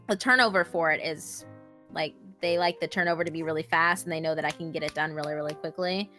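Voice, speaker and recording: This is a chatty woman narrator talking casually on a panel. She sounds bubbly and quick to laugh, with plenty of ums. Faint music runs underneath. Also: on the low side, steady tone, a bit bright. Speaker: story narrator guest.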